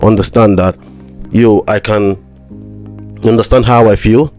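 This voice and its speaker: A man from Nigeria, a mental health practitioner chatting as a podcast guest. He talks haltingly and repeats words with a slight stammer. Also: lowish voice, fairly even intonation, darkish tone, soft background music. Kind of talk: casual conversation.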